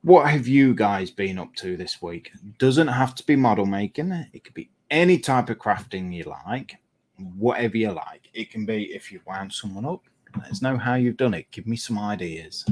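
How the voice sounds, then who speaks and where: Lorry driver guy, lowish voice, rambles on and keeps correcting himself while painting models. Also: expressive, normal speed, darkish tone. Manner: rambling storyteller who often corrects himself.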